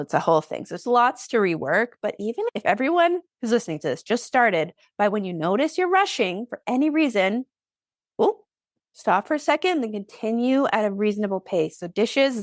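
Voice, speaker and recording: Woman, podcast guest coach; emphatic bursts, mid pitch, dry recording. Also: dry recording. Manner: energetic, emphatic, quick bursts with pauses. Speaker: ADHD therapist and coach, guest. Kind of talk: podcast interview.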